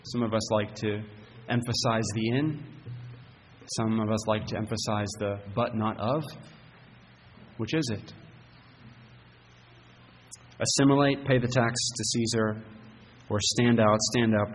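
A man's voice: lowish voice, fairly even intonation, unhurried, long pauses, long reverb tail, a little hiss or hum, poor audio. A male pastor preaching a sermon, talking conversationally with rhetorical questions and frequent restarts.

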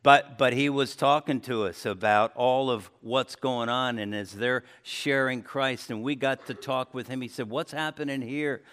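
A man preaching a sermon as pastor to his church, speaking conversationally, then rising in pitch and volume for emphasis. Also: normal speed, few pauses, clean tone. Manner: conversational preaching, lively swings in pitch and loudness. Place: church sanctuary.

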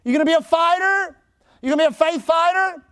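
Man doing a taunting devil, menacing, boastful, very high-pitched. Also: quick pace, a bit bright. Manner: mocking, threatening taunts.

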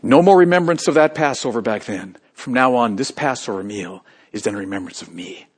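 A man preaching a sermon, moving between hushed, quiet passages and loud, emphatic calls to the congregation. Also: mid-range voice, animated, brisk, breathy edge. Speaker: pastor.

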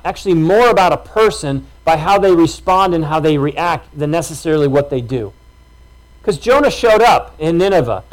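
A man with a high-pitched voice delivers a sermon in a loose, talky way. He slips into little acted-out reactions to make his points. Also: low-quality recording. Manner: conversational, animated, acts out reactions. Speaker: pastor.

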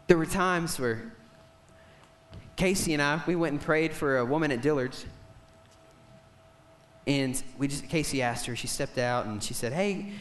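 A young man preaching a sermon, telling a story with passion and swinging from loud declarations to hushed moments. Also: a little high, a little slow, long pauses.

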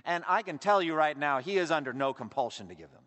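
Male pastor, lively sermon delivery, slightly high voice, emphatic then hushed, long hall reverb. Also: quick pace. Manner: expressive preaching, swinging between emphatic and hushed.

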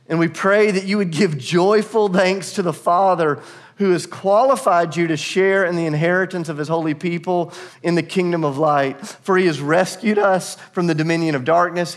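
A middle-aged man preaching a sermon to his church, earnest and conversational, laughing now and then. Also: a little high. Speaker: pastor.

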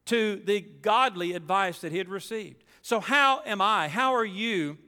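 A male pastor reads scripture aloud and then preaches, hammering his points with emphatic asides. His high voice is bright and clear, unhurried, and it rings out with a long reverb in a church sanctuary.

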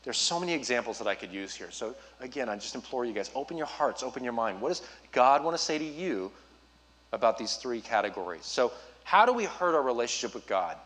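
A man preaching as a youth pastor, urging his listeners directly with an earnest, personal manner and quick asides. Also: medium pitch, very animated, fairly bright tone. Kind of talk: sermon.

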